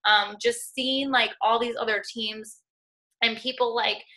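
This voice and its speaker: Young female team leader, motivational call, high-ish and bright, earnest, chatty fillers. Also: fairly even intonation, a little slow. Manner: earnest, encouraging, heavy use of "like" and "y'all". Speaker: fitness coaching team leader. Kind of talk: motivational talk on a group call.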